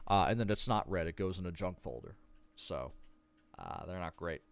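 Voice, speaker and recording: A man's voice: low-pitched, expressive, moderate pace. A man streaming a game, casually reading a guide aloud with sarcastic joking asides. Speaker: gaming streamer.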